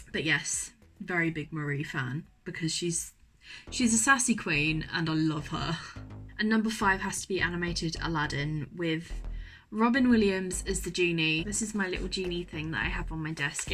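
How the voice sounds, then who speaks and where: A woman's voice: lowish voice, fairly bright tone. A young woman in casual chat to camera, gushing and enthusiastic, often repeating herself, speaking from her university bedroom. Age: young adult. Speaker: vlogger.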